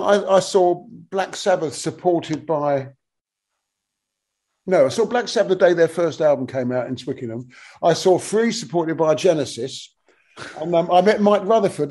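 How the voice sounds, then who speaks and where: A man in his sixties, a guest musician telling rambling, animated stories with lots of restarts and casual swearing. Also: on the high side, normal speed. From England. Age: 60s. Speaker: guest musician, bass player. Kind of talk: casual anecdotal interview talk.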